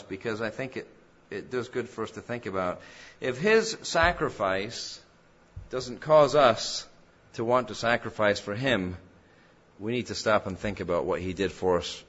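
A man's voice: mid-range voice, a bit bright, muffled recording. A man preaching a sermon, asking rhetorical questions and reading scripture in old-fashioned wording, his voice rising and falling with each point. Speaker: pastor.

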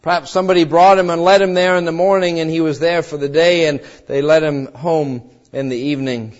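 Man, preacher, earnest sermon storytelling, high voice, muffled lo-fi sound. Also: steady tone, brisk. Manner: earnest, swelling with fervor at the appeals. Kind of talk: sermon retelling a Bible story. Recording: dull lo-fi recording.

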